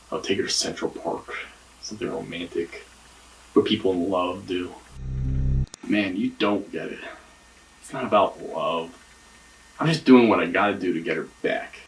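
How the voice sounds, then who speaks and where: A man's voice: low-pitched, recorded from a distance, a little hiss or hum, low-quality recording. An actor playing a defensive man questioned by police in a mystery game, talking evasively and swearing. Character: defensive, guarded young man under police interrogation.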